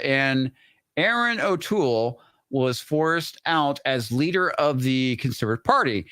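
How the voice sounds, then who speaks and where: A man's voice: mid-range voice, sing-song, takes it slowly, a bit bright, no echo, clean studio sound. A man hosting a casual live stream, reading out super chats and joking loosely after a few drinks. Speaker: host.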